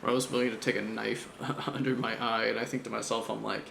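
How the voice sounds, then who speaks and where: A man's voice: lowish voice, little pitch movement, fast, gravelly, fairly bright tone. A man recapping an anime chapter in a casual, slangy, profane chat, laughing often. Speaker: anime reviewer. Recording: echoey room with faint hum.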